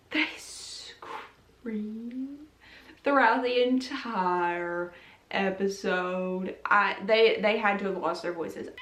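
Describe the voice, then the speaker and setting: A young woman hosting a casual video, chatting and giggling about TV episodes with lots of "like". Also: on the high side. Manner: chatty and giggly, heavy use of "like". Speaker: YouTube host. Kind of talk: casual chat reviewing TV episodes. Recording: roomy echo, mic at a distance.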